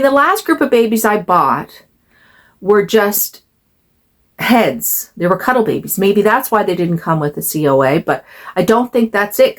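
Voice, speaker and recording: An older woman, a doll collector, chatting casually to camera in a rambling, conversational way. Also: fairly low pitch. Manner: rambling, talks to her doll in a cooing voice.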